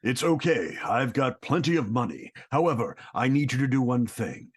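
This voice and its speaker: A haughty, mighty male warrior, put on by a man speaks slow and deep, dropping into a breathy, commanding whisper. His pride shows in every word. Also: very animated. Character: proud mighty male warrior, arrogant and imperious.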